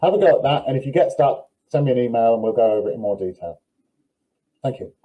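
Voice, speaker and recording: A man's voice: medium pitch, animated, fast talker, phone-quality sound. A man working as a dog trainer, giving direct, firm advice in a live question-and-answer session over a video call.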